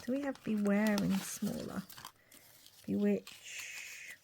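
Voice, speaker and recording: A woman's voice: mid-range voice, slow pace, vocal fry, background noise. A middle-aged woman chatting and thinking aloud as she works on a craft project. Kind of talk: crafting vlog commentary.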